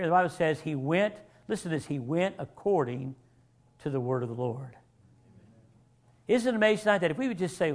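A man preaching a sermon, animated and acting out the voices he quotes, sometimes rising to shouts. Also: on the high side, brisk.

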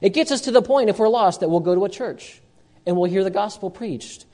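A male pastor delivers a sermon in a fairly high, mellow voice. He hammers each point home by saying it twice, rising in volume and then dropping low. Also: brisk. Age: young adult or middle-aged, a parent. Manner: emphatic preaching, repeats key lines, swings loud and soft.

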